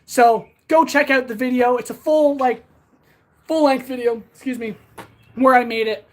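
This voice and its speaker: A woman's voice: high-pitched, fairly even intonation, normal speed. A woman hosting a casual livestream, winded as she talks between sword swings and answers viewers. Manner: chatty, answers viewers directly. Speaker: blacksmith livestream host.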